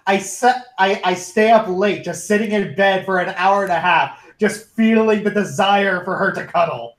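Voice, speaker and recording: A man's voice: high-pitched, moderate pace, roomy sound, low-quality recording. A man running a tabletop game as game master, chatting casually on a voice call, playful and mock-menacing, laughing often.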